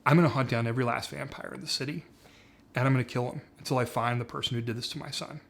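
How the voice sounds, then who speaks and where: A man voicing a grieving, ageless goddess and mother in a quiet, grave and firm way. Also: mid-range voice, steady tone, quick pace, creaky. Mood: grave resolve.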